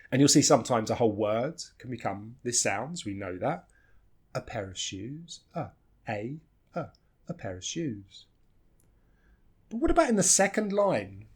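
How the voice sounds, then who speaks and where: Husky-voiced man teaching pronunciation. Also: mid-range voice, darkish tone. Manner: models phrases slowly, repeating reduced sounds. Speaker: English teacher. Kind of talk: pronunciation lesson.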